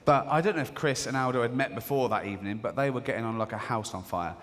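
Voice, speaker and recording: Guy doing standup in a big echoey theatre, chatty storyteller, mid-pitched, faint audience hum behind. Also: fast, fairly bright tone. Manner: chatty storytelling, acts out voices of people in anecdotes. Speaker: stand-up comedian. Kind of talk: live stand-up comedy. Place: large theatre stage. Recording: live hall reverb with faint audience ambience.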